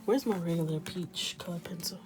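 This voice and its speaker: A woman in her thirties chatting in a mostly whispered, joking way while coloring, with sudden loud shouts. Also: on the low side, fairly quick, music in the background. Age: 30s. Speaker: coloring livestreamer. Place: small closet with a ring light.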